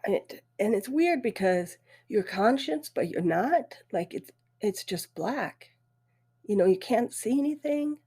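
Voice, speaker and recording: A middle-aged woman hosting a podcast, telling her own story in a halting, emotional way, her voice thick with tears. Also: mid-range voice, animated, dark tone, husky. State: weepy. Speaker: podcast host. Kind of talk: personal storytelling.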